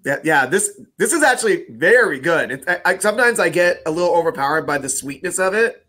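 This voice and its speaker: Casting: male co-host, bright forceful tone, slightly high pitch, lively and quick to laugh. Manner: animated, with frequent laughs and quick reactions. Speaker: podcast co-host. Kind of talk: casual chat.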